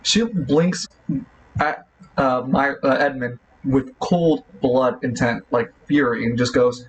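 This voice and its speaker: A man's voice: medium pitch, slow pace, muffled recording, slight background noise. A man running a tabletop game as game master, narrating with many fillers and restarts.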